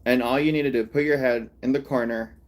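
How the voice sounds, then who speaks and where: A man's voice: medium pitch, fairly even intonation, brisk. A male artist and comedian in casual livestream chat, rambling and mocking, with frequent laughs.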